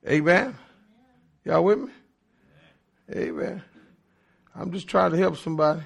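A man preaching a call-and-response sermon, emphatic and repetitive, swinging from shouts to low murmurs. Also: lively intonation, unhurried, vocal fry, husky. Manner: repeats and restarts words for emphasis.

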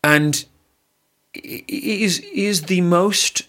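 A man, co-hosting a casual surf podcast and guiding a breathing exercise, lively and laughing, swearing casually. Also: sits high, extremely slow. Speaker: podcast co-host. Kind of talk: casual chat with guided breathing.

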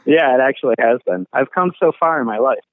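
A man with a Midwestern accent, an actor calling into a podcast, self-deprecating and laughing often between halting restarts. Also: medium pitch, expressive, phone-quality sound. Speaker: actor guest. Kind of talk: podcast interview by phone.

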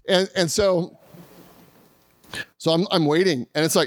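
A man preaching a holiday sermon with a fairly high voice. He tells his story with lively energy and acts out other people's lines. The sound is dry and close. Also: a little slow, dry recording. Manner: lively storytelling with acted-out quotes. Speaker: pastor. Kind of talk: Christmas Eve sermon. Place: church service.

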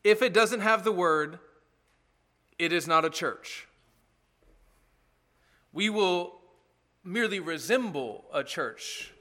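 Bright-voiced, high-pitched male preacher. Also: animated, takes it slowly, long pauses. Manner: earnest, emphatic preaching with asides to the congregation. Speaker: pastor. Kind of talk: sermon.

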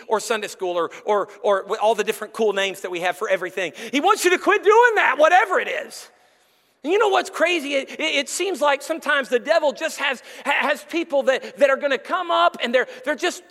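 A male senior pastor preaching an animated sermon, breaking into shouts and acted-out quotes. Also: high-pitched. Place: church sanctuary. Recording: long church hall reverb.

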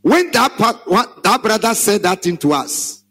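A man preaching in short phrases, pausing for an interpreter and leading prayer chants. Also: high-pitched, sing-song, fairly bright tone. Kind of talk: sermon with an interpreter, then call-and-response prayer.

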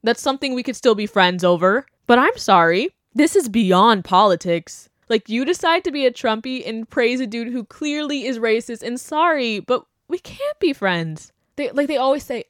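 A woman's voice: a little high, lively intonation, moderate pace, few pauses, dry recording, studio quality. A young woman hosting a podcast, talking bluntly and animatedly in casual opinion chat, mocking the people she quotes. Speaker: podcast host.

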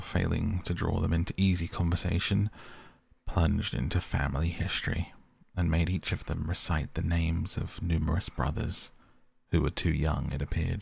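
Deep, gravelly male storyteller. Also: darkish tone, dry recording. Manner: slow, measured reading. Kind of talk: scripted storybook narration.

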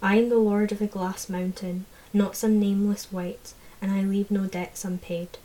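A woman's voice: medium pitch, level tone, moderate pace, mellow, close to an everyday voice, poor audio. A woman reading aloud, voicing a proud, cold fairy lord who speaks with hissing contempt. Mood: haughty. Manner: hissing, haughty.

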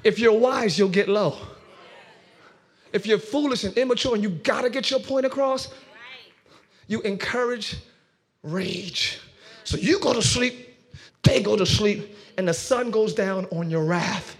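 A man preaching a sermon as pastor to a live church congregation, shouting and half-singing his points and acting out quarrels in quick voices. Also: high-pitched. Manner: preaching with shouts and sung rises.

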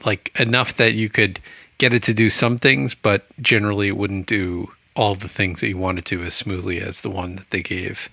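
A man's voice: on the low side, steady tone, normal speed, creaky, bright, forceful tone, dry recording. A man casually discussing a book on a podcast, rambling and chatty with frequent laughs. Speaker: book club podcast co-host.

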